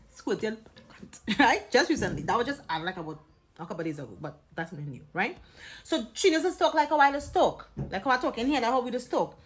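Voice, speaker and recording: A woman's voice: fairly high pitch, a bit bright, slight background noise, low-quality recording. A woman from Trinidad with a Trinidadian accent, chatting casually and animatedly in a social media clip.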